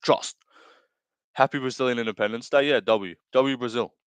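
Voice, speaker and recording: A man's voice: medium pitch, fast, clear, resonant tone, no echo. A young man hosting a live stream, reading chat aloud in casual commentary, rambling through crude jokes, laughing often and correcting himself. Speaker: livestream host.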